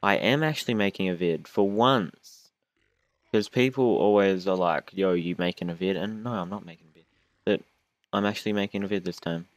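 Low-voiced young aussie guy rambling over his gameplay, whiny and self-mocking, dead dry sound. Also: normal speed, no echo. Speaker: gaming YouTuber. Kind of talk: casual gameplay commentary.

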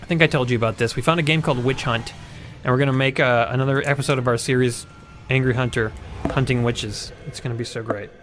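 A man's voice: mid-range voice, fairly even intonation, quick pace, music in the background. A man co-hosting a let's-play stream, cracking crude jokes and reading out viewer offers in casual chat.

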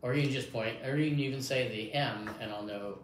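Speaking fairly quickly in a mid-range voice, a man demonstrates a hearing test and cheers the listener on as though they were a young child. The space sounds echoey, with some faint noise behind him.

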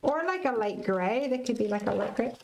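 A woman's voice: on the high side, lively intonation, fairly quick, gravelly, noisy background. A woman co-hosting a live crafting stream, chatting casually and joking as she works. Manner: chatty, jokey, laughs often.

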